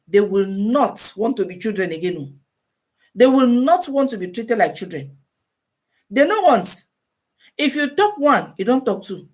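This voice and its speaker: A woman hosting an animated live-stream advice talk in Nigerian Pidgin English. Her fairly high voice swings up and down as she throws out rhetorical questions and prods listeners with "eh?". It sounds casual and lively throughout.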